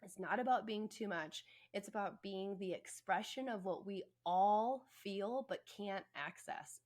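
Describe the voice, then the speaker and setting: A woman therapist hosting a podcast, speaking with fervent emphasis and the occasional curse. Her voice sits at a middling pitch, and she pushes hard through each point. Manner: impassioned, emphatic, swears freely. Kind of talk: podcast conversation.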